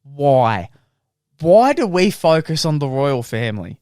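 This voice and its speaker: A man's voice: a little high, sing-song, unhurried, darkish tone, no echo, clean studio sound. A young Australian man co-hosting a podcast, telling sweary stories in casual banter and laughing often. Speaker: podcast co-host.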